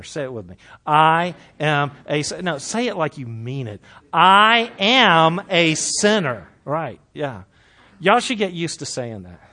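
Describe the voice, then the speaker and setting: This Bible study leader keeps things lively with a live group, joking around and questioning them as he preaches conversationally, then lowering his voice softly whenever he gets to something earnest.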